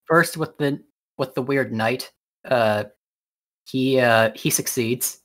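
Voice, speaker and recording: A man narrating as game master for a tabletop game, halting and unhurried with frequent fillers. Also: medium pitch, a bit bright.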